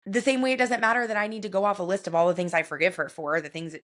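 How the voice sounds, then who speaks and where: A woman co-hosting a podcast, telling a personal family story in a soft, reflective way with many casual fillers. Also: mid-range voice, fairly even intonation, very fast. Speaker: podcast co-host.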